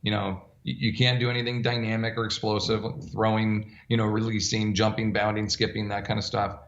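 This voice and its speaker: A low-pitched man with a gravelly, fry-laden voice explains how he coaches older adults, acting out conversations with clients in his stories. The sound is roomy and slightly dull, like a lo-fi remote call. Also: a little fast. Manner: animated storyteller, acts out dialogue. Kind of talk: conversational interview answers.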